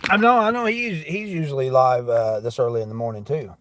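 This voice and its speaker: A man's voice: medium pitch, brisk, a bit bright, no room sound. Chatty man livestreaming while shopping. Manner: chatty, joking, mildly exasperated. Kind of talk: casual live chat while working. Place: large store.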